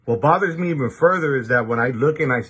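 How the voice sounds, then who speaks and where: A man from the Los Angeles area speaking straight to his viewers in a monologue, with a deliberate warning tone and frequent repeated words as he restarts sentences. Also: medium pitch, animated, a bit bright, husky. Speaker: commentator addressing viewers. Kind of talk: direct-to-camera monologue.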